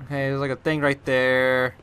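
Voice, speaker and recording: A man's voice: medium pitch, completely flat delivery, moderate pace, fairly bright tone, smooth. A young man casually commenting on a video game as he plays, rambling with constant "like" and startled outbursts. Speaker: gameplay commentator. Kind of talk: casual let's-play commentary.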